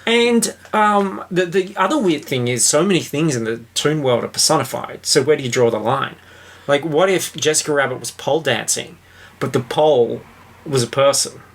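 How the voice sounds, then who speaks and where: A man's voice: on the high side, moderate pace. A man hosting a podcast, chatting casually and jokily about a book and its film, with a lot of fillers. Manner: rambling, jokey, lots of fillers. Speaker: podcast host.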